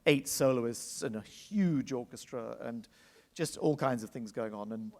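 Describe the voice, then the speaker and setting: A man's voice: mid-range voice, measured pace, a little mellow. A man, an orchestra conductor, telling anecdotes in a live onstage interview at a library salon, laughing often as he talks. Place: public library salon before an audience. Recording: long reverb of a hall.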